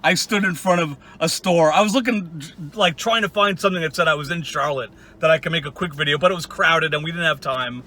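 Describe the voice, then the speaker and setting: A man's voice: fairly high pitch, brisk, few pauses, bright, forceful tone. A man ranting in a casual vlog monologue, mocking and profane, often breaking into laughter. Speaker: online video creator.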